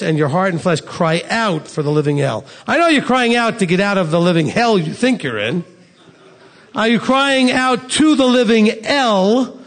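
A man's voice: sits high, in a large hall. A man preaching a sermon to a live congregation, reading scripture aloud and pressing his listeners with direct questions. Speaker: pastor.

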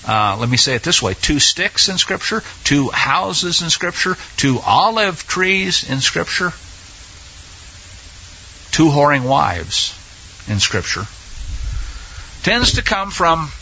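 A man's voice: on the high side, gravelly, sharp tone, slightly rough. A man giving an informal Bible teaching, reading passages aloud and musing over them with questions to himself. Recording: dull lo-fi sound.

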